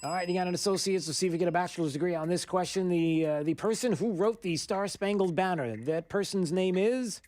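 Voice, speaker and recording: Male radio host, chatty, halting, slightly high voice, dry studio read. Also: a little mellow, no room sound. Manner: chatty, halting with many fillers. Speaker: radio talk show host. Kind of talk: talk radio with caller quiz.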